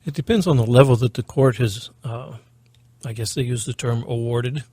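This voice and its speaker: A man with a low voice, a guest on a radio talk show, explaining things in a measured way. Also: warm tone, slightly rough, no room sound. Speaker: guest, caregiving foundation director. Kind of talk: radio interview answers.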